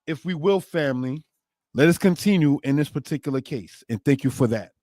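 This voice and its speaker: A man's voice: fairly high pitch, animated, a little fast, a little mellow, no room sound. A man teaching a scripture lesson, often calling his listeners brothers and sisters, who reads passages aloud and comments on them. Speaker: Torah teacher.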